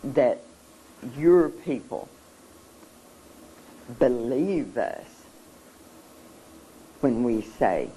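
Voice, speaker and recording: Slow, halting, earnest seminar speaker. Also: medium pitch, very animated, dark tone, husky, poor audio. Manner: halting, with many pauses and repeated words; earnest and emotional. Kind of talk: emotional seminar testimony.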